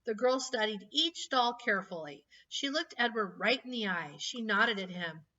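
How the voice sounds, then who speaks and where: Bright-voiced woman reading a storybook aloud. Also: on the high side, normal speed. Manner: expressive, emotional storytelling. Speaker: reader. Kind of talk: reading a children's book aloud. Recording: slightly distant, dull lo-fi mic.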